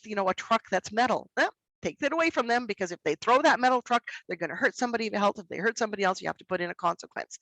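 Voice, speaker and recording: A middle-aged woman presenting a workshop for educators in an expressive way, acting out examples in her voice. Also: mid-range voice, no room sound, low-quality recording. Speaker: workshop presenter on student behaviour. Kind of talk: educational webinar talk.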